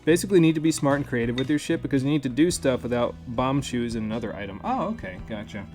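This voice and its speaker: Male game streamer, casual think-aloud commentary, lively pitch, faint music underneath. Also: fast. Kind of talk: live gameplay commentary.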